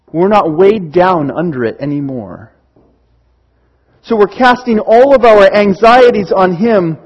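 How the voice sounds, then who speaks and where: A man, a church elder, preaching a sermon in an earnest, pastoral way with slow, emphatic pauses. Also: high-pitched, a little mellow, muffled recording.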